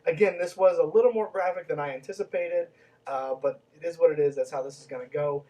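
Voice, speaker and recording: A man with a fairly high voice reads from a book on a podcast and keeps stopping to mock it, sarcastic and profane. He sits somewhat back from the microphone, so the sound is a little distant. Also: fast, warm tone. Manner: snarky, sarcastic, swears freely. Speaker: podcast host reading a book aloud. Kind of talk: casual podcast commentary and reading.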